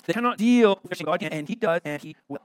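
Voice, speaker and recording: A middle-aged American pastor preaching a sermon, emphatic and full of rhetorical questions. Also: male voice, sits high, animated, fast, no echo.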